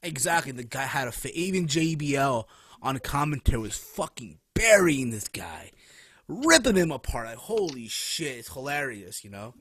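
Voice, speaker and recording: A man hosting a casual wrestling podcast, animated and profane, who keeps tossing in "right?" between points. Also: mid-range voice, normal speed, husky. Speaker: podcast host.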